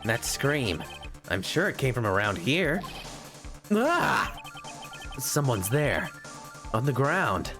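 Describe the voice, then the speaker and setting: A man voicing an earnest young lawyer who is easily startled, reading slowly with lively rises in pitch. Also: exaggerated voice. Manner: earnest, jumpy. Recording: game music behind.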